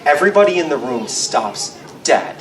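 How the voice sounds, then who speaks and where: Animated man telling a story in an echoey room. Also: fast talker, far from the mic, background noise. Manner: animated, laughing, squeaky voice bursts. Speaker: convention panelist. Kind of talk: casual storytelling. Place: convention panel room.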